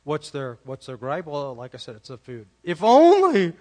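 A man preaching a sermon in a conversational, animated way, often asking his listeners questions. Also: mid-range voice, moderate pace. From California. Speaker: pastor.

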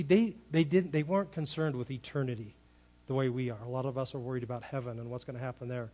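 A man's voice: fairly high pitch, darkish tone. A man preaching a sermon in a conversational way, asking rhetorical questions and acting out quoted lines. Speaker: pastor.

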